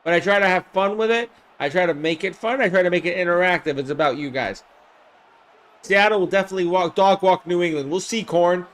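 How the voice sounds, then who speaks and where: A man hosting a live game simulation stream, calling plays with excitement, shouting on big plays and chatting with viewers by name. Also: sits high, fairly quick. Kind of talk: live play-by-play commentary with chat replies.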